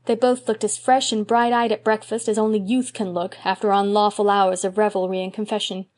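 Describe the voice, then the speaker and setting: A woman narrates a classic novel as an audiobook in a steady, mid-range voice. Her reading is measured and expressive, with a calm storytelling pace. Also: medium pitch.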